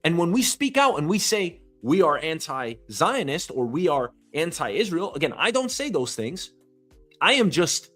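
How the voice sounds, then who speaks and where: A man's voice: a little high, very animated, measured pace, bright, forceful tone, soft background music. A man hosting his own show from home, delivering an angry, profane, emphatic rant. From New York City. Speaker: host. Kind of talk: ranting commentary.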